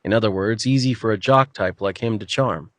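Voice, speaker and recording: A man reading an audiobook in a slightly low voice, with an even and steady storytelling delivery. The sound is dry and close to the mic. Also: brisk, no echo. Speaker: audiobook narrator. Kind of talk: scripted narration.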